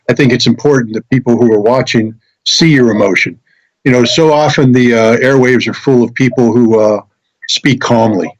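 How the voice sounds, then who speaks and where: A man of middle pitch interviews his guest, speaking calmly and reassuringly and pausing often on "uh" and "um". His voice comes through a dull, lo-fi recording. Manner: calm, measured, reassuring, with frequent "uh" and "um". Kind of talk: interview questions. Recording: dull lo-fi audio.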